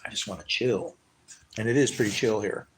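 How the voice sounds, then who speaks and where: A man's voice: lowish voice, fairly quick, slight background noise. A man hosting his own live stream, rambling loosely between thoughts, swearing freely and laughing to himself. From United States. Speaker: livestream host.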